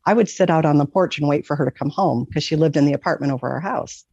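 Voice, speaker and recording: A woman's voice: low-pitched, fast talker, mellow, highs cut off, slight background noise. A middle-aged woman from Michigan, earnestly telling a personal story in a rambling, casual way. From Michigan, USA. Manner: earnest, rambling, with many fillers. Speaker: guest telling a near-death story.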